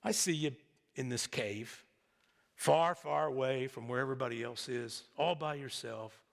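A man preaching, voicing God with low, probing questions. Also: huge pitch swings, unhurried, gravelly, exaggerated voice. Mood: gentle. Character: God, calm and probing, as imagined. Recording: long hall reverb.

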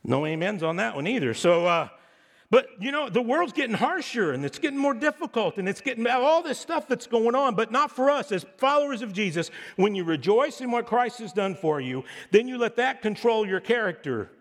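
A middle-aged pastor with a high voice delivers a sermon to his congregation. He talks in a chatty, joking way and slips into sarcastic impressions. His voice carries a long hall reverb from the church around him. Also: big pitch swings, fairly quick.

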